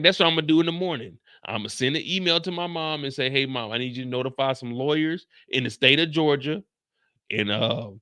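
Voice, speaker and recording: A man hosting a casual show recap, telling stories loudly with lots of profanity and acting out the dialogue. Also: on the high side, dry recording, clean studio sound. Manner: loud, profane, animated, acts out dialogue. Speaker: show host.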